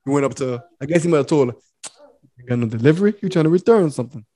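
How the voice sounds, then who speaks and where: A man's voice: a little high, animated, rapid-fire, mellow, no room sound. A young man co-hosting a podcast, telling a profane story and acting out both sides of it. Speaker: podcast co-host. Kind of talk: casual storytelling.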